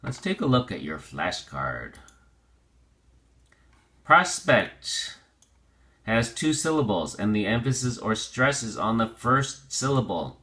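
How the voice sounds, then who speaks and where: A male teacher with a low-pitched yet bright, forward voice walks through a vocabulary lesson. He drills pronunciation slowly and deliberately. He explains by repeating and rephrasing each point. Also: very animated. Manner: explains with repetition and restatement.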